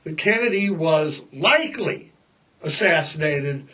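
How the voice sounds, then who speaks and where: An older man in his sixties hosts a podcast with a high, bright voice, ambling along slowly and leaning hard on sarcasm. He sits a little back from the mic, so the sound is slightly distant. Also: expressive. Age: 60s. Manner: sarcastic, jokey, drawn-out emphasis. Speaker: podcast host. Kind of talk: rambling casual monologue.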